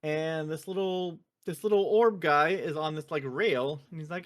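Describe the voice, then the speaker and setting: A woman's voice: low voice, a little fast. A woman hosting a casual podcast, telling the story of a video game scene by scene. She swears freely and leans on fillers as she goes. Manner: profane, animated storytelling with many fillers. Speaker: podcast host.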